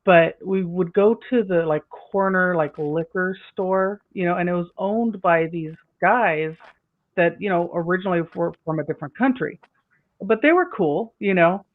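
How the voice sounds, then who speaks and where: Speaker, mid pitch, casual anecdote, rambling, filler words. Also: moderate pace, narrow, tinny audio. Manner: rambling, many "you know" and "like" fillers. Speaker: guest storyteller. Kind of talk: casual storytelling.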